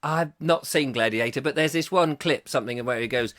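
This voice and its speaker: A man's voice: medium pitch, a little fast, a bit bright. A middle-aged man hosting a comic live chat show, rambling and joking while reading viewer comments. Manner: rambling, chatty, jokey, often laughing. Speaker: host.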